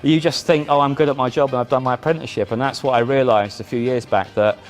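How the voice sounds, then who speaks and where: A man, a musician guest in a casual chat, telling animated stories with frequent restarts. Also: mid-range voice, fast. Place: indoor chat.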